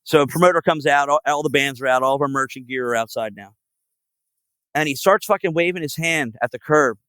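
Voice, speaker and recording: A man's voice: on the high side, brisk, fairly bright tone, dry recording, poor audio. A man, a guest musician telling road stories in a casual podcast chat, profane and full of filler words. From Philadelphia area.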